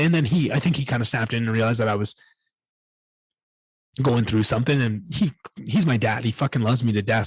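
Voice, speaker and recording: A man's voice: medium pitch, no echo. A man hosting a solo podcast, telling a candid personal story in a rambling way and swearing often. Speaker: podcast host.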